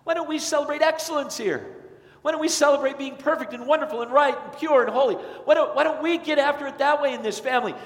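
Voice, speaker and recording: A man's voice: a little high, expressive, moderate pace, close to an everyday voice. A man voicing a resentful, entitled older brother who rants in a whiny, indignant way. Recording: reverberant church hall.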